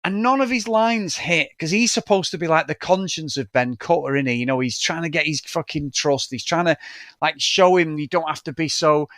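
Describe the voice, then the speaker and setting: A man's voice: a little high, normal speed, no echo, studio quality. A man co-hosting a podcast, chatting casually about a film, swearing freely and acting out scenes as he goes. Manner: sweary, animated, acts out scenes. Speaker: podcast co-host. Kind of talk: casual film review chat.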